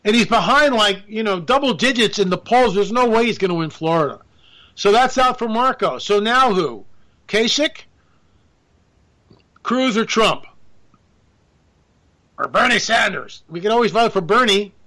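A man giving casual political commentary in a sarcastic, excitable rant. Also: sits high, moderate pace, long pauses, low-quality recording.

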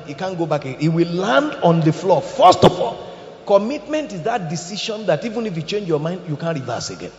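Male pastor, high and animated voice, sermon in a reverberant church hall. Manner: animated preaching, swings from shouting to hushed. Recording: echoey hall, muffled sound.

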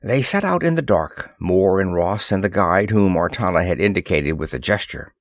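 A man reading an adventure story aloud in a measured narration. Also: deep voice, lively intonation, no room sound, clean studio sound.

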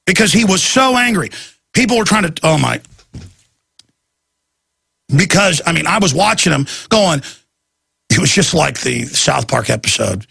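A man hosts a talk show in a rambling, casual monologue, restarting often and acting out quotes. His voice sits a bit high for a man, gravelly and husky with a sharp, forceful edge. The sound is dry and close. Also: sing-song, normal speed, long pauses, no echo.

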